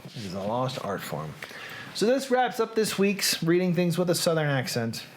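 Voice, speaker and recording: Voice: medium pitch, very animated, moderate pace, background noise. A host chatting casually on a live reading show, joking and reacting to viewers.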